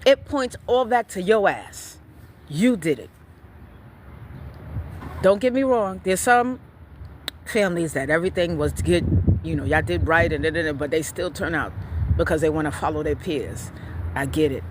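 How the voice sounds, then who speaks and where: A woman giving blunt, profane parenting opinions in a casual vlog rant, telling stories in an animated way. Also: low voice, moderate pace, long pauses, slight background noise.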